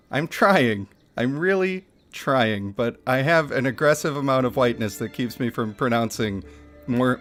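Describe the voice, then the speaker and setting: A chatty male gaming streamer at home, talking loosely at a middling pitch and breaking into laughs. His desk microphone is close, with faint music playing underneath. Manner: chatty, excitable, laughs often. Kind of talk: casual game commentary. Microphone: desk microphone picking up chair rumble.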